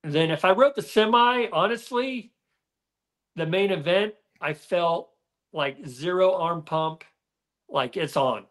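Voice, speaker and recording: A middle-aged man guesting on a casual podcast speaks with a fairly high male voice. He rambles along loosely, stacking fillers and restarting his thoughts as he remembers. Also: animated, takes it slowly, a bit bright. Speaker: guest, former motocross racer.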